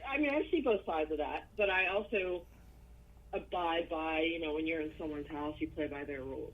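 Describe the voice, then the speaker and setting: A woman talks in a husky voice as a guest in a casual interview, blunt and unafraid to swear. She comes through a video call. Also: sits low, normal speed, highs cut off. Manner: blunt and profane. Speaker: wrestling guest.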